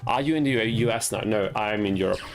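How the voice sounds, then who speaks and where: A man's voice: lowish voice, quick pace, vocal fry, soft background music. A young man from Austria chatting casually while streaming a card game, laughing at himself and yelping at his mistakes. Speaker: gaming streamer. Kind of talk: casual gameplay commentary with chat.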